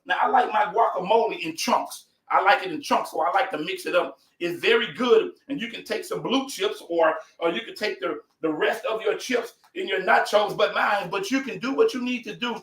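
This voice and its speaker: A man's voice: sits high, a bit bright, echoey room, rough recording. A man hosting a casual live cooking stream, folksy and effusive, greeting his viewers by name.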